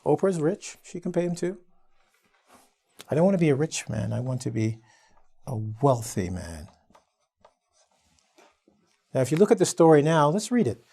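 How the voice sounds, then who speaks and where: A man's voice: fairly high pitch, very animated, moderate pace, gravelly, long pauses, mellow, slightly rough. A man from Canada teaching an online English lesson, playful and acting out exaggerated quotes.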